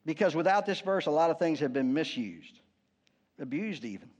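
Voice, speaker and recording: A man's voice: a little high, expressive, normal speed, darkish tone, breathy edge. A man preaching a sermon as pastor, conversational and wry, often checking in with the congregation.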